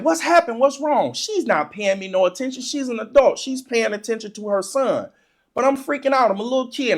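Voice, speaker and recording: An animated storyteller telling a funny childhood story, laughing often and acting out the excitement in casual, informal speech. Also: medium pitch. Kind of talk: comedic personal storytelling.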